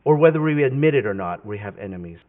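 A man's voice: fairly low pitch, animated, fast. A male pastor preaching a sermon in a conversational, emphatic way, often correcting himself mid-sentence. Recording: tinny phone-like sound with long hall reverb.

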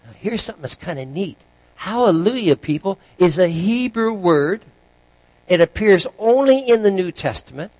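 A man preaching a sermon in a relaxed, chatty manner, full of asides and storytelling. His voice sits a little high for a man. The sound is close and dry, with no echo. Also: moderate pace. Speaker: pastor.

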